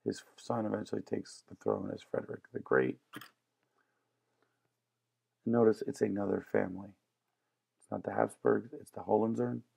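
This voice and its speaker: A man's voice: fairly low pitch, normal speed, gravelly, pauses often, warm tone, husky. A man teaching a history lesson in a casual, joking lecture style. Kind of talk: classroom lecture.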